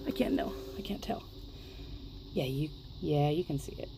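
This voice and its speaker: A woman talks slowly and rather low as she demonstrates a craft at her table. She gushes over each result and rambles from thought to thought, now and then sinking to a whisper. A faint hum of room noise sits behind her. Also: vocal fry. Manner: gushing, rambling, chatty, drops into whispers. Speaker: craft vlogger.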